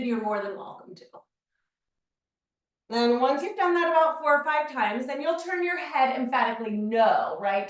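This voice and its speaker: A woman teaching a beginner Pilates class, calmly talking the listener through each movement step by step. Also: high-pitched. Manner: calm step-by-step movement cues. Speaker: Pilates instructor. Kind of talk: guided exercise class. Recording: very echoey room, mic far off.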